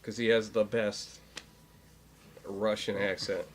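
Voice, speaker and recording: A man with a slightly low voice chats casually as a podcast co-host. He rambles, restarts his sentences and fills gaps with "uh". A faint ambient hiss sits behind him. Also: little pitch movement, takes it slowly. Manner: rambling, many restarts and fillers. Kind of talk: casual chat.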